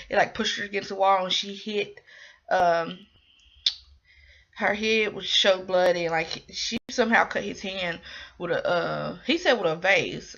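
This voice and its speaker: A woman's voice: mid-range voice, a bit bright. A young woman casually recapping a drama episode, rambling with lots of ums and likes. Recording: dull lo-fi recording.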